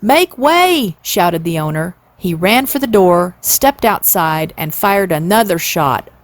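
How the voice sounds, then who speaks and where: A woman in her sixties reading a classic children's novel aloud, expressive and playing up the sound words. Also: lowish voice, a little slow, no room sound. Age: 60s. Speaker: storyteller.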